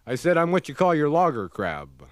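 A man voicing a slow, folksy Canadian body crab with a Canadian accent, saying "eh?" and "by golly" as his words trail off low in a comedy record sketch. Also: big pitch swings, smooth, no echo, clean studio sound.

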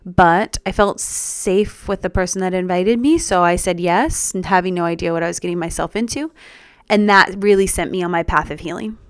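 A young woman telling her personal story as a podcast guest, earnest and reflective, in a soft-spoken way. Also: fairly low pitch, moderate pace, hardly any pauses, smooth, no room sound.

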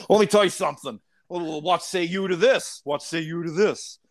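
A man's voice: on the high side, voice pushed up. A man putting on a swaggering older wrestler-turned-governor, blustering and boastful.

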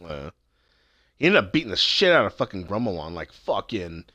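Man, low voice, laid-back, swearing, dry headset sound. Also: very animated, normal speed, sharp tone, dry recording, dull audio. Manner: laid-back, profane, mumbling fillers. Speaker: friend on voice call. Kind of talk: casual chat over voice call.

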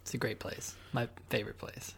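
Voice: mid-range voice, steady tone, a little fast, creaky, slightly rough, whispered. A podcast co-host in casual chat, teasing and wry with sarcastic quips.

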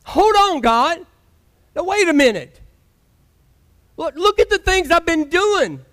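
A man's voice: very high-pitched, lively intonation, slow pace, sharp tone, pitched above the performer's own voice, heavily acted. A male pastor acting out an ancient king who insists and pleads with God, listing his good deeds. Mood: pleading insistent.

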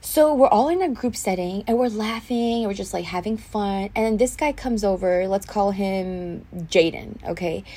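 A woman's voice: medium pitch, normal speed, few pauses, mellow. A young woman hosting a solo podcast, telling a story in a heated, indignant way, full of fillers and restarts. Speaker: podcast host.

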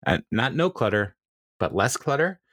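With a sing-song, mid-range voice and a fairly bright tone, a man co-hosting a podcast talks at a moderate pace, rambling casually and laughing often. The studio-quality audio has no echo.

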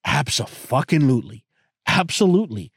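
A man's voice: medium pitch, very animated, normal speed, creaky, breathy edge, dry recording, studio quality. A man in his thirties hosting a podcast, talking in a crude, profane, rambling way with many restarts. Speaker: podcast host. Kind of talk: casual podcast monologue.

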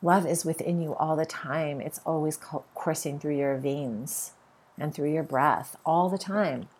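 A woman's voice: sits low, a little slow, a little mellow, breathy edge. A middle-aged woman hosting a podcast, giving an earnest spiritual monologue and repeating her points for emphasis. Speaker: podcast host.

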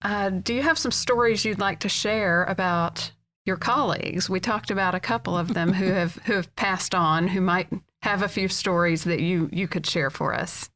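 Woman interviewer gently prompting. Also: fairly low pitch, moderate pace. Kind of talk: oral history interview.

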